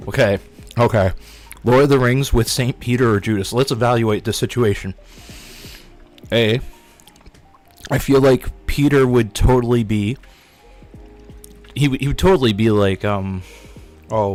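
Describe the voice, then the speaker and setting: A young man hosting a casual livestream, chatty and excitable, talking while he eats snacks. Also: medium pitch, a little slow, long pauses, faint music behind. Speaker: livestream host. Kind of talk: casual live-stream chat.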